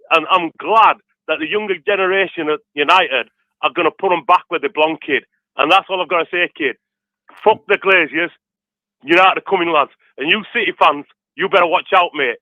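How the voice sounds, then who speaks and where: A man in his fifties with a Yorkshire accent, calling in to rant passionately, tacking "kid" onto nearly every pause. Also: on the high side, bright, forceful tone, dry recording. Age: 50s. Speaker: caller. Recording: tinny phone line.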